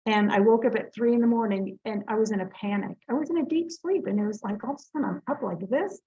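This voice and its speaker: A woman's voice: medium pitch, warm tone. A middle-aged woman and Reiki master telling stories as an interview guest, chatty and earnest with plenty of fillers. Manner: chatty, earnest, lots of fillers and quick laughs. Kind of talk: casual storytelling in an interview. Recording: slightly muffled, lo-fi audio.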